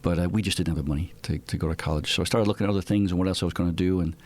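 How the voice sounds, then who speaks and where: A man's voice: deep voice, fairly even intonation, very fast, a little mellow. A man in his fifties with an Irish accent, a guest telling chatty stories in an interview. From Ireland. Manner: chatty anecdotal storyteller. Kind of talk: casual interview storytelling.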